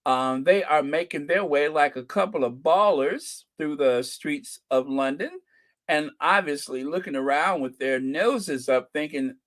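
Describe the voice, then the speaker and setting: A man's voice: on the high side, unhurried, a bit bright. A man hosting a casual live stream, chatting about photos and thanking viewers by name with chuckles.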